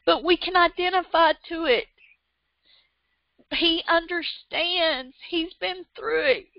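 A woman's voice: very high-pitched, slow, no echo. A woman preaching a fervent, emotional sermon online, repeating phrases and laughing through tears. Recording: dull lo-fi sound.

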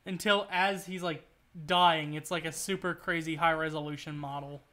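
A man with a slightly high, steady, sharp voice streams a video game at a moderate pace. His casual commentary rambles and jokes along, with swearing when things go wrong.

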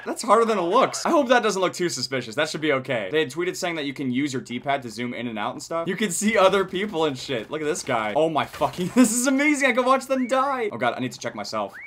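A young man hosting a gaming channel, giving casual, profane gameplay commentary with lots of yelling and laughing. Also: a little high, quick pace, few pauses. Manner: excitable, profane, yelling and laughing during play.

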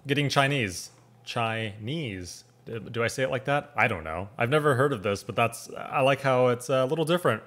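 An American man from California hosts a casual reaction video. He talks at an ordinary middle pitch, chatty and rambling, and often restarts his sentences. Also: animated, fast, few pauses, fairly bright tone.

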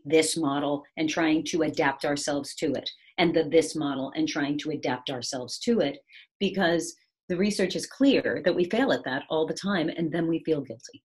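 A woman's voice: sits low, husky. A woman giving a conversational talk on resilience over a video call, reflective and often checking in with the listener. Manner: reflective, frequently checking in with "right?". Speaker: speaker on resilience and change.

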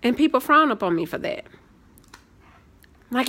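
A young woman, hosting a casual live stream and telling sassy, animated stories. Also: on the high side, a little slow. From Southern United States.

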